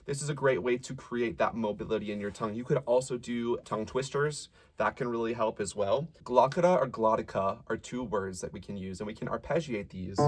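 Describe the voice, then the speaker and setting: A young man coaching rock singers through vocal warm-ups, explaining calmly and sometimes singing short drills. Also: mid-range voice, fairly quick, hardly any pauses, faint music behind. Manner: relaxed and encouraging, demonstrates sung warm-up drills. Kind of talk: singing lesson with sung exercises.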